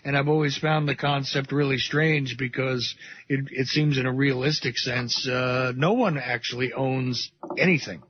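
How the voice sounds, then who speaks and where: A man's voice: mid-range voice, fairly even intonation, normal speed, a little hiss or hum. A man hosting a radio talk, easygoing and polite in casual chat. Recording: dull radio audio.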